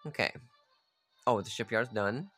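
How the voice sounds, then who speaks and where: A man's voice: mid-range voice, unhurried, a bit bright, faint music behind. A man giving casual, profane gameplay commentary, chatting aloud and ordering his units around as he plays. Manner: chatty, swears freely, talks to his units. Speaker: gamer playing a strategy game.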